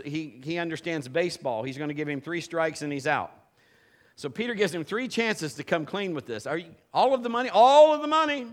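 Animated male preacher, slightly high voice. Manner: animated, swings from loud bursts to low intimate tones. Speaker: pastor. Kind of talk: sermon.

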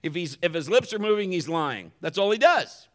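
A man's voice: sits high, very animated, normal speed, a bit bright. A pastor preaching a sermon in a conversational way, acting out the voices he quotes.

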